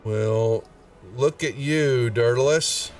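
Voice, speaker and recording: Man, game master, tabletop game, slow, halting, checks rules aloud, slightly distant mic, faint music. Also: mid-range voice.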